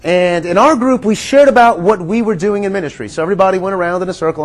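High-voiced earnest male preacher. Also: fast talker. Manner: earnest, drops to a hush on quiet words; conversational, addresses listeners as friends. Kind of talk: sermon.

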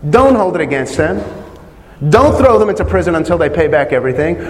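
High-voiced preacher with reverb. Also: male voice, animated, brisk. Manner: preaching with rhetorical questions to listeners. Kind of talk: sermon.

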